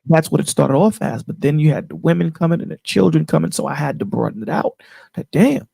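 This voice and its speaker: A man with a gravelly, husky voice, pitched a little high and dark in tone. He talks in a casual, preachy way and keeps checking in with his listener. The sound is dry and close, like a voice call. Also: quick pace, dry recording. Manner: preachy, emphatic, repeats "you know what I'm saying". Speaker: channel host on a panel call. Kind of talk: casual chat.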